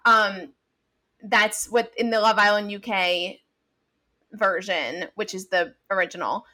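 A woman's voice: mid-range voice, steady tone, takes it slowly, sharp tone. A woman guest on a podcast, chatting in a playful manner and laughing easily. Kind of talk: casual chat.

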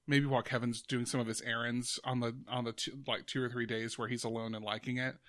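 A man's voice: medium pitch, little pitch movement, fast talker, a bit bright, no room sound, studio quality. A man in casual conversation, telling an idea in a rambling way with many fillers and restarts. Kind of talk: casual chat.

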